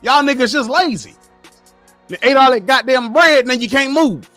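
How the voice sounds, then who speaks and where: A man's voice: very high voice, lively intonation, normal speed, bright, forceful tone, dry recording, soft background music. A man on a casual livestream, reading his chat and lecturing his viewers in a blunt, profane way. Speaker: streamer reading live chat.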